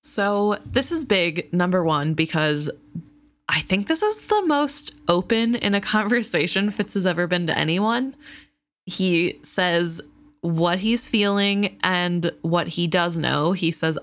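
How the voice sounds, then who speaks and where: A woman's voice: fairly low pitch, animated, slow pace, a bit bright. A woman co-hosting a casual book discussion, talking things through in a thoughtful, analytical way with an occasional laugh. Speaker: book podcast co-host.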